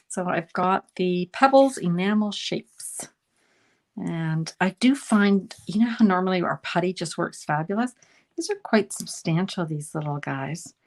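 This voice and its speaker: A woman's voice: lowish voice, vocal fry. A middle-aged Canadian woman chatting through a live card-making demo, narrating each step and often asking "right?". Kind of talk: live online crafting demo.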